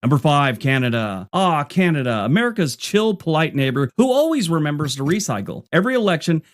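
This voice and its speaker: A man's voice: a little high, sing-song, fairly quick. A middle-aged man narrating a scripted travel countdown, with wry joking asides.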